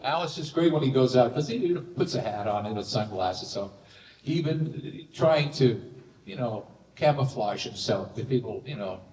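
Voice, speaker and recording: A man's voice: medium pitch, expressive, normal speed, darkish tone. A man hosting a live onstage interview, chatting casually and affirming his guest. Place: large hall with live audience. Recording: echoey hall, distant mic.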